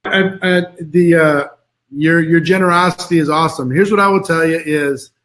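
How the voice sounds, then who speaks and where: A middle-aged American man giving an encouraging talk over a video call, his voice pitched a little high. He speaks in an earnest, warm-hearted way and often repeats words as he searches for the next phrase. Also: fairly even intonation, moderate pace. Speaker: interview guest. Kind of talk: motivational talk on a live stream.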